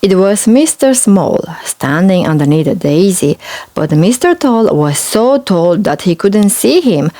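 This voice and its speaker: A woman reading a children's picture book aloud, slow and expressive. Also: mid-range voice. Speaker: storybook reader. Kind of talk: children's read-aloud storytelling.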